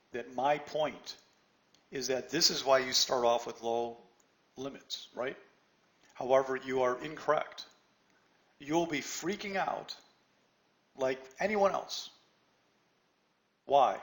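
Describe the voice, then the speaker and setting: A man's voice: mid-range voice, poor audio. A middle-aged man teaching a trading seminar in a blunt, scolding way, firing rhetorical questions at his students. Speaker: trading instructor. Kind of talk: seminar lecture.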